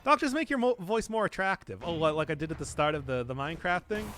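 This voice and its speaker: A man's voice: on the high side, animated, quick pace, few pauses, a bit bright, slight background noise. A man chatting casually to his viewers while playing a game, rambling and chuckling often as he answers chat. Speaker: streamer. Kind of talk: casual live-stream commentary while gaming.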